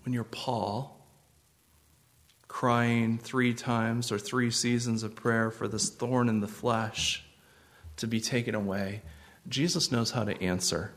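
A man preaching a sermon as pastor, earnest and gentle, with sudden swells of intensity. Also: mid-range voice, fairly even intonation, slow pace.

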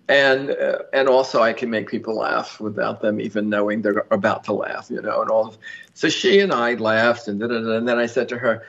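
Rambling guy telling a story on a podcast, gravelly voice, kinda dull lo-fi sound, lots of ums and restarts. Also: medium pitch, a bit bright. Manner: rambling, chatty, with many fillers and restarts; laughs easily. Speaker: lottery winner guest. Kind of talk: casual storytelling interview.

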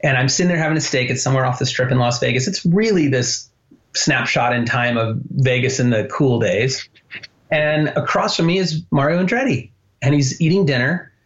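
A man being interviewed, telling lively anecdotes with enthusiasm. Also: mid-range voice, moderate pace, highs cut off. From United States. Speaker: guest, animator. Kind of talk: podcast interview.

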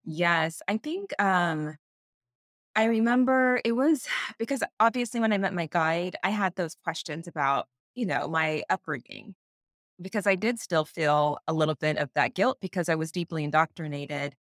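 A woman in her thirties, a podcast guest, telling a personal story in casual talk, animated, laughing often and acting out quoted voices. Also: lowish voice, normal speed, dry recording, clean studio sound.

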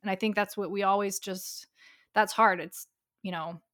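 Woman just chatting, candid, says like a lot, mid-pitched voice. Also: steady tone, moderate pace, a bit bright. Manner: talkative, heavy use of "like", candid and emphatic. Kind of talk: casual chat.

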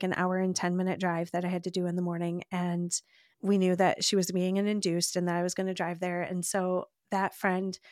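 A woman's voice: fairly low pitch, no echo, clean studio sound. A woman telling her personal faith testimony about adopting her baby as a podcast guest, speaking in a heartfelt, emotional way and laughing often as she tells the story. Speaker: adoptive mother.

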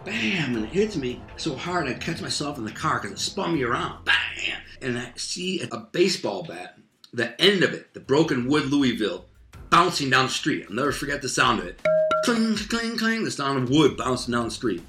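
A man's voice: medium pitch, a little fast, faint music behind. Streetwise man telling a story in an echoey room. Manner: streetwise, animated, acts out voices and sound effects. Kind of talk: casual spoken storytelling.

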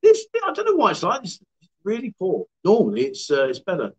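A man's voice: high voice, wildly swooping pitch, a little fast, rough recording. A man in his fifties hosting a livestream, chatting casually with guests, teasing them and reading viewer comments aloud. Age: 50s. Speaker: livestream host. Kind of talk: casual chat. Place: indoors, lounge.

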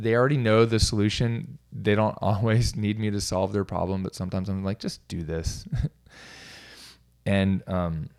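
A man's voice: fairly low pitch, clear, resonant tone. A middle-aged man, a coach, talking casually on his own, rambling with restarts and small self-amused laughs. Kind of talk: casual solo talk.

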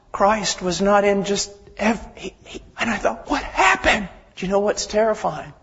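A man preaching a sermon with intensity, swinging from loud pleading to hushed whispers and repeating phrases for emphasis. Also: high voice, slightly rough. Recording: dull lo-fi sound with long hall reverb.

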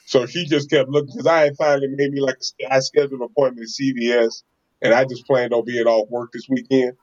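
A man tells a casual, animated story to his co-hosts, often laughing and acting out what people said. His voice sits in an ordinary middle pitch. The recording is slightly dull and lo-fi. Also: fast.

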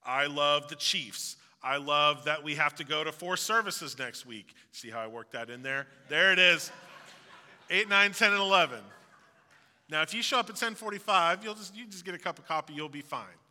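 A man's voice: on the high side, a little fast, few pauses, pushed and bright, long reverb tail. A male pastor giving a sermon, earnest and preaching, with jokey asides.

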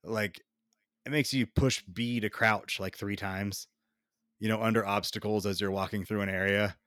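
A young adult man co-hosting a casual podcast chat, ranting in a slow drawl and swearing freely. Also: on the low side, fairly even intonation, fairly bright tone, no room sound, clean studio sound. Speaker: podcast co-host.

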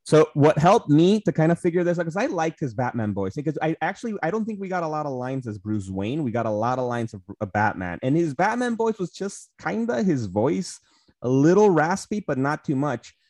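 A man's voice: fairly high pitch, very animated, fairly quick, a little mellow, dry recording, studio quality. A man co-hosting a casual podcast, rambling with lots of fillers and swearing. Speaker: podcast co-host. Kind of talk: casual movie discussion.

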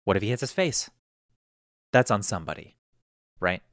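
Young guy on a podcast, low voice that jumps all over, rambling story, dry room. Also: moderate pace, no echo. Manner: rambling, animated, acts out quotes in a raised voice. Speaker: podcast host. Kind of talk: casual storytelling.

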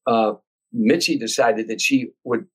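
An older man from Chicago, a comedian telling a long anecdote as a podcast guest, animated and acting out voices and sounds. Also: medium pitch, a little slow, breathy edge, poor audio. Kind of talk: storytelling anecdote.

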